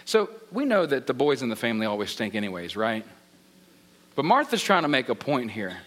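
A man's voice: mid-range voice, sing-song, normal speed, fairly bright tone. A male pastor preaching a sermon, retelling a scripture story in an informal, conversational way. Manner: storytelling, paraphrases scripture in everyday talk.

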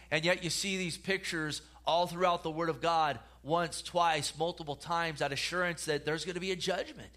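Bright-voiced man preaching a sermon. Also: on the high side, steady tone, normal speed. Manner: earnest, repeats words, frequent restarts. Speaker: pastor.

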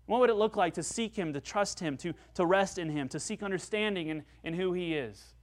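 Guy preaching a sermon, pastor voice a bit on the high side, earnest, gets emphatic. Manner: earnest, emphatic, with rising peaks on key points.

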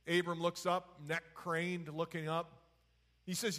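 A man's voice: on the high side, flat delivery, slow pace, pushed and bright. A man teaching from the Bible in a folksy, conversational way, retelling scripture in everyday words.

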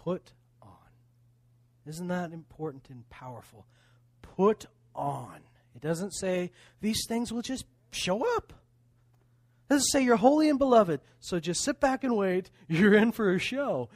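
Male pastor, high voice, dry, dead sound; fervent sermon delivery with dramatic loud-soft swings. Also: animated, a little slow, no echo. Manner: preaching with sweeping swings between quiet and loud; repetitive, emphatic phrasing.

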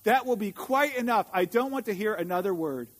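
A man's voice: sits high, expressive, fairly quick, in a large hall. A man voicing a strict, scolding mother bear while reading a storybook aloud. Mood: stern. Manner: stern, scolding.

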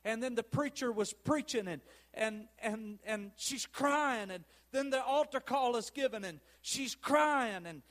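A man preaching a pentecostal sermon, swinging between shouted praise and hushed, quiet passages. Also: extremely high pitch, measured pace.

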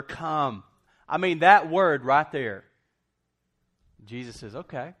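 Animated preacher. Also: male voice, on the high side, unhurried, pauses often. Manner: animated storytelling, laughs often, acts out quotes; folksy, conversational preaching. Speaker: pastor. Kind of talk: sermon.

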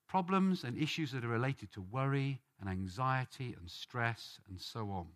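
A man's voice: mid-range voice, animated, moderate pace, a bit bright. A man from Britain giving an earnest sermon-style Bible teaching and leading a study group. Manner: earnest, rising on questions and names.

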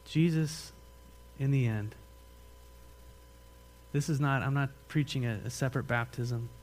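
A man pastor preaching a sermon in a church, speaking emphatically and conversationally with questions to the congregation, then praying softly. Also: medium pitch, measured pace, a little hiss or hum. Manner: drops to a soft, earnest tone in prayer. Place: church sanctuary.

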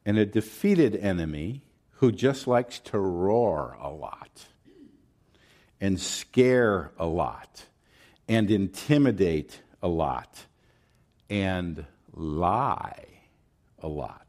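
Male pastor, sermon delivery, unhurried, highly expressive pitch.

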